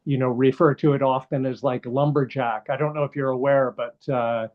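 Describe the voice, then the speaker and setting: A man's voice: medium pitch, fairly even intonation, normal speed. A middle-aged man with a Canadian accent, a guest comedian chatting casually in an interview, wandering through tangents with plenty of "uh" and "you know". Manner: rambling, digressive, heavy on fillers and trivia. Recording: dull lo-fi call audio.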